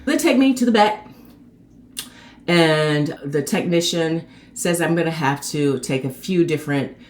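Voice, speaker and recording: A woman hosting her own show, telling a personal story in a chatty, animated way and acting out the people in it. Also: measured pace. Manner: animated, acts out quoted people with sharp pitch jumps; chatty and conversational. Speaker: host.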